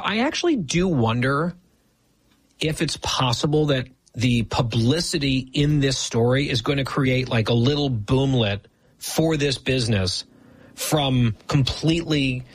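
Male co-host, husky tone, dry sarcastic banter, close and dead-sounding room. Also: medium pitch, unhurried, no room sound. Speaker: podcast co-host. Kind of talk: casual banter.

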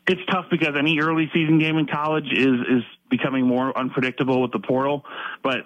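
A man's voice: medium pitch, little pitch movement, fast talker, a bit bright, no room sound. A man, a sports reporter, talking casually as a guest on a sports radio show, with many fillers. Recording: dull lo-fi line.

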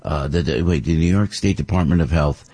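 An American man hosting a talk radio show, rambling and opinionated, his voice jumping high when he gets worked up. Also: fairly quick, dark tone, slightly rough.

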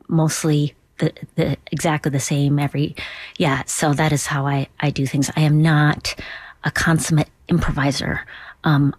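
A woman comedian from Duluth in an interview, talking in a halting way with many restarts and asides. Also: low-pitched, no echo. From Duluth, Minnesota. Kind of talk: interview conversation.

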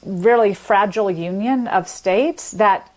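Woman linguist guest, measured academic explainer, even mid pitch. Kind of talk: explanatory interview talk.

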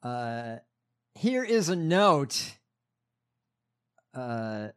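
A man presenting stories on a casual news podcast at a slow, unhurried pace. He pauses often on ums and uhs and slips in dry remarks. His pitch is average for a man. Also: very animated, fairly bright tone, smooth. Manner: hesitant, many ums and uhs, dry asides.

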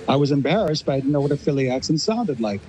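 A man with a somewhat higher voice speaks as a linguist guest. He argues firmly and illustrates each point with an example. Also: very animated, fast talker, warm tone, poor audio. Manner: firm, argumentative, uses examples. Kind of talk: expert discussion.

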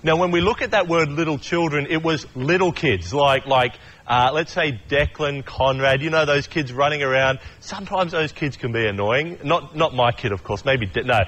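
A man's voice: fairly high pitch, normal speed, fairly bright tone, highs cut off. A man giving a casual sermon, chatty and joking, acting out quotes and often restarting his sentences. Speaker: preacher.

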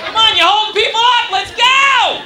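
A man's voice: very high-pitched, normal speed, voice pushed up. A man doing a bossy barking conductor. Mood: impatient. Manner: barking impatient orders. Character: impatient male train conductor, bossy. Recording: echoey club with crowd noise.

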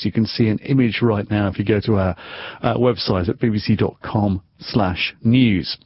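Husky male radio news presenter. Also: lowish voice, lo-fi sound.

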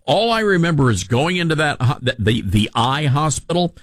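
A man's voice: a little high, big pitch swings, normal speed, a bit bright, no room sound, studio quality. A man hosting a podcast, telling a rambling, self-deprecating story in a casual chat. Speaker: podcast host.

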